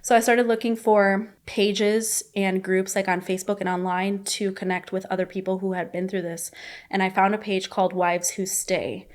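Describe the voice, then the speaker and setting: A woman's voice: mid-range voice, level tone, moderate pace. A young adult woman, a podcast guest, telling a personal story in a candid, emotional way, full of fillers and quoted dialogue.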